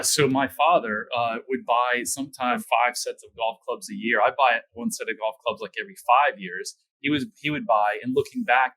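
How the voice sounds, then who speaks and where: A man's voice: mid-range voice, fairly bright tone, poor audio. A man hosting a podcast interview, probing and restating the guest's points with follow-up questions. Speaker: podcast host. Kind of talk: conversational interview.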